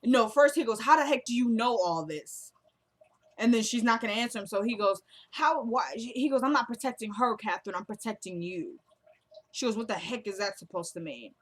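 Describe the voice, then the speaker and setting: A woman's voice: a little high, lively intonation, brisk. Chatty woman recapping a TV episode. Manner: chatty, acts out both characters' lines. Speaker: recap vlogger.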